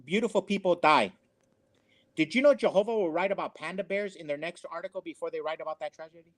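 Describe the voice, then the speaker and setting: A man with a notably high voice preaches his opinions on a talk show. He repeats key phrases and drives each point home emphatically. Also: fast. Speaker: co-host. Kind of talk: opinionated commentary.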